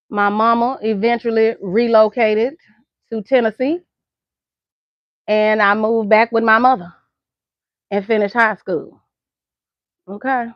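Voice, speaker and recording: A woman's voice: on the high side, dry recording. A middle-aged woman with a Southern American accent, chatting casually to her viewers and laughing often. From United States. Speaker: vlogger. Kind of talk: casual chat to camera. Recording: dull lo-fi sound.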